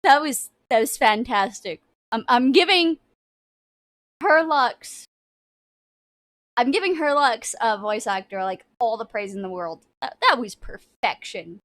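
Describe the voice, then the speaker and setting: A woman's voice: fairly high pitch, expressive, measured pace, fairly bright tone. A woman streamer giving casual gameplay commentary, enthusiastic and chatty, stumbling over her words. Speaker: video game streamer. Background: game music.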